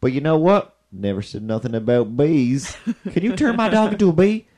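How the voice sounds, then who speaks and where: A man doing a shrill lady customer. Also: expressive, normal speed, warm tone, close to an everyday voice. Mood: smug. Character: pushy Southern woman customer with a dog.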